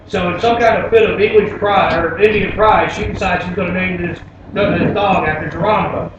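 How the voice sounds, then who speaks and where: A high-voiced man telling comic stories on stage in a laid-back, rambling way. He is heard from far off in a very echoey room. The live recording sounds dull, with steady background noise. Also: brisk. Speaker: storyteller. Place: stage before an audience.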